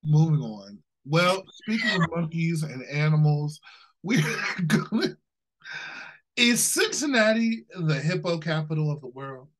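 Fairly high in pitch and measured in pace, an Ohio man co-hosts a podcast on a low-quality recording. He's animated and ranting, swears freely, and laughs a lot throughout the casual conversation.

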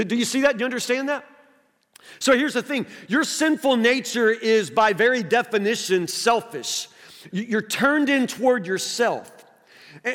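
High-voiced male pastor preaching in a reverberant hall. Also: fairly bright tone. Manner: conversational preaching with frequent restarts and direct questions to the congregation. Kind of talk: sermon.

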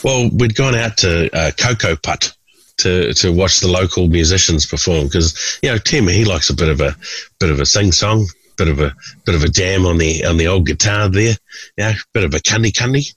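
A man's voice: low voice, normal speed, slightly rough, no room sound, low-quality recording. A man in his forties, a podcast guest telling funny anecdotes and acting out the people in them. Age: 40s. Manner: animated storyteller who mimics people in raised voices. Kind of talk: storytelling anecdotes.

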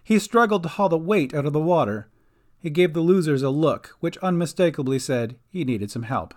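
A man giving scripted narration of a fantasy audio story, expressive and doing all the voices himself. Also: a little high, normal speed.

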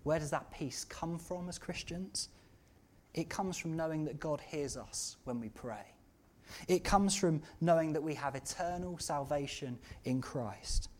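A preacher giving a sermon in a church, earnest and at times rising to loud, impassioned outcries. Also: mid-range voice, a little slow.

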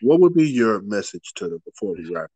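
A man's voice: on the low side, sing-song, a little fast, dark tone, breathy edge, dry recording. A man hosting a conversation, mostly giving short agreeing replies and asking questions. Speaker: host. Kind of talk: casual conversation.

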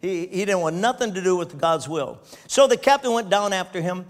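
A man's voice: sits high, animated, moderate pace, hardly any pauses. A man preaching a sermon, reading scripture aloud and breaking off to comment with frequent laughter.

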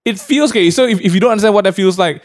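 A man's voice: high-pitched, very fast. A young man, telling a story in a casual chat, laughing often and acting out what others said. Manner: animated storyteller, laughs often, acts out quoted voices.

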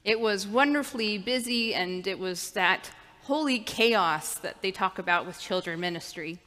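A woman's voice: mid-range voice, normal speed, bright, forceful tone. A woman leading a children's sermon in a church, patiently coaching the children to repeat after her. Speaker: children's minister. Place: church sanctuary. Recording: long reverb of a church hall.

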